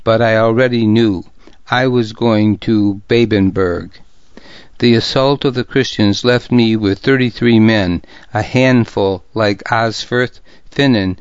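A man narrates a novel in the first person at an unhurried pace. His delivery is measured and grave, and the close recording sounds dry and slightly muffled. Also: on the low side, clean tone, dry recording. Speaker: audiobook narrator.

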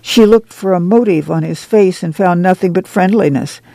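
A man narrating a novel in a measured, even reading. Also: high-pitched, creaky, no room sound. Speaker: audiobook narrator.

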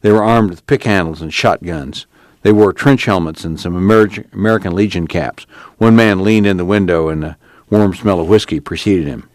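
A man reading a novel aloud for a radio reading service in a measured, plain narration. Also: low-pitched, dry recording. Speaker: radio book reader.

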